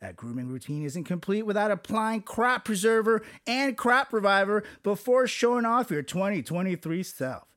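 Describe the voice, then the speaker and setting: High-voiced man, jokey ad read. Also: lively intonation, moderate pace, few pauses, a bit bright. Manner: jokey, salesy. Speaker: podcast host reading an ad. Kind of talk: upbeat ad read.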